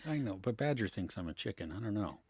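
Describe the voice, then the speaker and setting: A man's voice: on the low side, lively intonation, quick pace, darkish tone, husky, dry recording. A man co-hosting a livestream, chatty and giggly as he greets commenters. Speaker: co-host reading live chat. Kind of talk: casual livestream chat.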